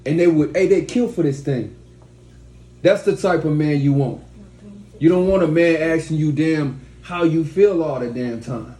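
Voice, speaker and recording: A man's voice: a little high, moderate pace, warm tone. A man teaching a study group, speaking in a blunt, profane, mocking way. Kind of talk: preaching to a class. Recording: echoey room, faint background noise.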